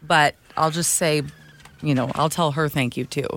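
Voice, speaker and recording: A woman co-hosting a podcast in casual chat, easygoing and quick to laugh. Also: deep voice, fairly even intonation, a bit bright. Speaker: podcast co-host.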